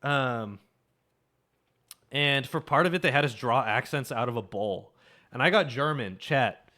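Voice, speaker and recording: A man's voice: medium pitch, a little slow, pushed and bright. A young man streaming a game, chatting and joking casually with his viewers, swearing freely. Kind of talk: casual live-stream chat.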